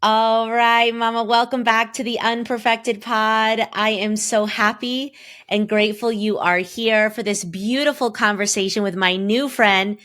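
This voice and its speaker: A woman's voice: a little high, steady tone, measured pace, a bit bright. A woman in her thirties hosting a podcast, talking in an effusive, affirming way to her listeners. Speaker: podcast host. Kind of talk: podcast intro and interview.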